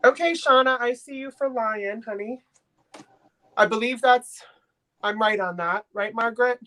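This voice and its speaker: A woman hosts a live online makers' sale from home, talking casually to her viewers. Her voice is slightly high, and her manner is chatty and a little flustered. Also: unhurried, sharp tone, a little hiss or hum. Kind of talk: casual live-stream auction chat.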